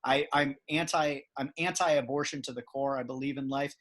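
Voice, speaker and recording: A man's voice: mid-range voice, fairly even intonation, normal speed, a bit bright. A man hosting a casual podcast chat, rambling and emphatic with many restarts. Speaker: podcast host. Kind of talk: casual conversation.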